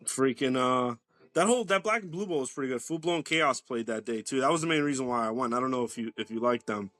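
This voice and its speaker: Bright-voiced man rambling as a guest. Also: mid-range voice, fast, no echo. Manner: loose and rambling, lots of "like" and swearing. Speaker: podcast guest. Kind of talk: casual podcast chat.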